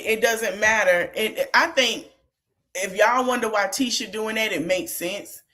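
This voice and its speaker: A woman hosting a podcast recaps reality TV in a casual monologue, retelling an argument and quoting each person in turn. She's chatty and candid, with a bright, forceful, mid-range voice.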